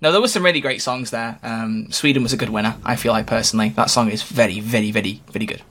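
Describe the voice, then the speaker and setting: A man's voice: medium pitch, fairly bright tone. A man co-hosting a podcast, chatting casually and teasing his co-hosts. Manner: jokey, teasing, quick restarts. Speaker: podcast co-host. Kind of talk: casual chat.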